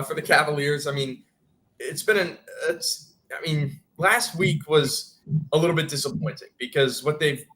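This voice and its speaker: A man on a sports betting podcast panel, talking through a college football matchup in a measured, analytical way and often hedging with "I mean". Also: a little high, fairly bright tone. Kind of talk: casual sports analysis chat.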